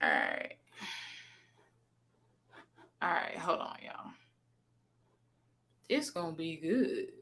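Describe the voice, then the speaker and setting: A woman's voice: deep voice, wildly swooping pitch, slow pace, fairly bright tone. A woman hosting a casual reaction commentary, making blunt, sassy asides to her chat. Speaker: commentary host.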